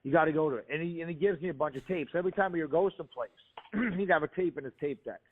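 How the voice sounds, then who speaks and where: Guy telling a story over a tinny phone line on the radio, talks fast. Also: fairly high pitch. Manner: animated, quoting others in his story.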